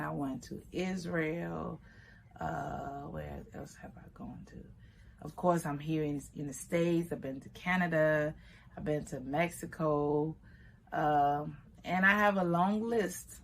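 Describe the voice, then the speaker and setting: A woman from Liberia with a notably low voice tells a personal story. She speaks in an unhurried, reflective way and now and then lifts into quoted voices. Faint background noise sits under the recording. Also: creaky.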